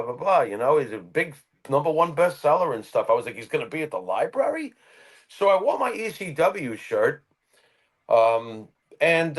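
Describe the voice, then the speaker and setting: A male podcast co-host telling a personal story in easy, casual chat. His voice sits a bit high and swings up and down a lot. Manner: animated anecdote teller.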